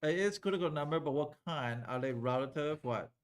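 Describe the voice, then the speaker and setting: A man leads a live classroom calculus lesson, his voice sitting a bit high. He talks loosely and conversationally, pausing often to check whether the students are keeping up. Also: lively intonation, smooth. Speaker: calculus teacher.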